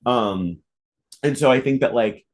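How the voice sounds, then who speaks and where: A man hosting a podcast, talking casually with lots of "like" fillers and animated emphasis. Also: mid-range voice, measured pace. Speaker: podcast host and mock trial coach.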